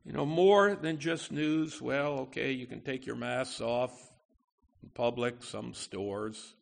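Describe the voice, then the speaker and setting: A man preaching a sermon as pastor, emphatic, with wide swings in pitch and loudness. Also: takes it slowly, gravelly.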